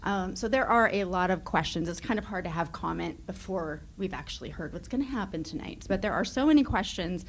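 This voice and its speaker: A woman's voice: on the low side, animated, brisk, hardly any pauses, a little hiss or hum, low-quality recording. A woman, a parent and activist, speaking earnestly in public comment at a school board meeting into a podium microphone. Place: meeting chamber.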